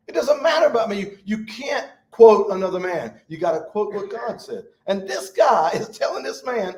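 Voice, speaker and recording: A man's voice: sits high, sing-song, moderate pace, hardly any pauses, darkish tone. A man teaching a Bible study in a folksy way, reading verses and acting out the speakers in them. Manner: folksy, acts out quotes with shifting voice. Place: church.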